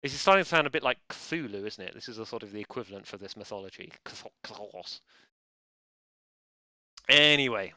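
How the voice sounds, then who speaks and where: A man hosting a relaxed quiz with a bright, forceful voice that stays smooth and crisp. He chats playfully and keeps interrupting himself with joking asides. The sound is dry and close, with little room around it. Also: mid-range voice, rapid-fire, few pauses, no echo. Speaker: quiz host. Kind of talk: casual live quiz hosting.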